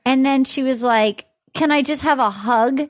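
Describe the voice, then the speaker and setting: A woman hosting a casual recap chat, acting out quotes and laughing loudly. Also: high-pitched, normal speed. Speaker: podcast host.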